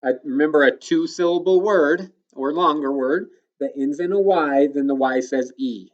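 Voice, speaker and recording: Speaking a little high, a male grade-school teacher patiently takes children through a phonics lesson in stages, sounding out words at a slow pace. The recorded audio comes across muffled.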